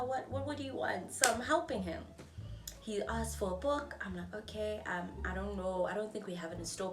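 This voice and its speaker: A woman in her twenties with a South African accent, telling a storytime on her vlog in a chatty, animated way and acting out the people in it. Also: medium pitch, roomy sound, far from the mic. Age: 20s. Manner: animated, chatty, acts out dialogue in shifting voices. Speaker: vlogger.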